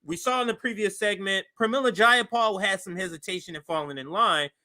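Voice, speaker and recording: Bright, high-voiced man co-hosting. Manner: measured, sets up clips. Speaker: co-host. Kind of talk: live-stream political commentary.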